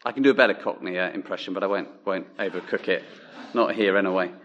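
A male preacher giving a sermon in a measured, emphatic way, dropping low on key words. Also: a bit bright, dull audio, a little hiss or hum.

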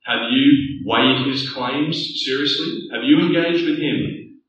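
A man's voice: mid-range voice, slow, fairly bright tone, muffled recording, a little hiss or hum. A man preaching a sermon, earnest and building to rhetorical questions. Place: church hall. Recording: echoey distant church room mic.

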